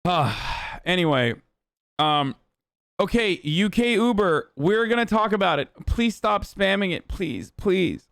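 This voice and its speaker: A man's voice: high-pitched, lively intonation, slow, fairly bright tone, no echo, clean studio sound. A male streamer giving casual, sarcastic and profane commentary on the news.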